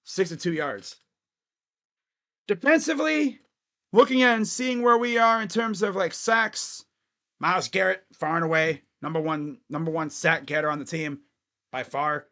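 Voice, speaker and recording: A man with a noticeably high-pitched voice hosts a casual fan livestream. He talks in a loose, rambling way, chatting with viewers as he goes. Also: moderate pace, bright, forceful tone. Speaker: sports fan livestream host.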